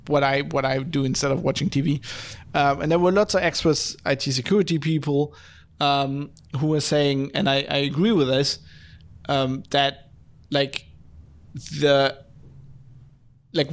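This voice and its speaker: A man hosting a podcast, ranting casually and swearing, with many fillers. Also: fairly high pitch. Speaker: podcast host. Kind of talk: casual chat.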